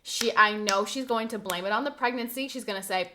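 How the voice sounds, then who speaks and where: A young woman streaming live, chatting casually with her viewers, venting gossip and reacting to the chat in an animated way. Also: medium pitch, brisk, background noise.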